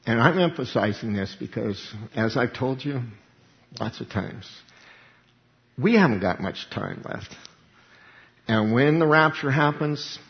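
A man's voice: medium pitch, big-room sound, lo-fi sound. A man preaching a sermon, emphatic, repeating key words and acting out little dialogues.

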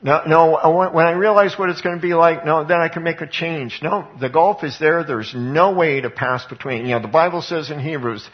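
A man's voice: fairly high pitch, a little fast, hardly any pauses. A man preaching a sermon in an earnest, emphatic way, reading scripture and asking rhetorical questions. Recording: dull lo-fi recording.

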